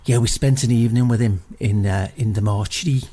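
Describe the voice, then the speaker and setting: A man's voice: mid-range voice, a little fast, dark tone, breathy edge, pitched below the performer's own voice, lightly acted. A man playing a crude, boastful fake psychic in improvised comedy, swearing freely. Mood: brash, crude. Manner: swearing, brash, mock-mystical. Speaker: comic psychic character.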